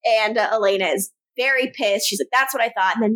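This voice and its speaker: A woman's voice: fairly high pitch, quick pace, fairly bright tone, low-quality recording. A woman co-hosting a podcast, recapping a TV episode in casual chat and acting out characters' lines with frequent laughter. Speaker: podcast co-host.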